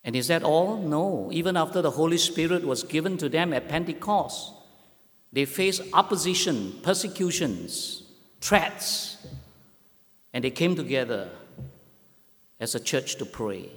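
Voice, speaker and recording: A man delivers a sermon at a very slow, deliberate pace, leaning on words for emphasis. His voice sits a little above average for a man, and it rings with the long reverb of a large church hall. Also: fairly high pitch, expressive. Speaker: pastor.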